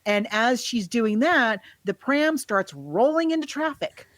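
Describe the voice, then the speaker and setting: Lively woman podcast co-host. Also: a little high, no echo. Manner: animated storyteller who acts out scenes with quick laughs. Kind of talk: casual movie discussion.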